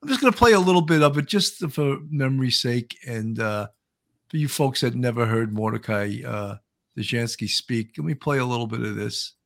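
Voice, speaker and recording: A man's voice: mid-range voice, moderate pace, vocal fry. A man hosting a talk show, speaking earnestly in a conversational way. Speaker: host, retired police officer. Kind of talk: casual chat.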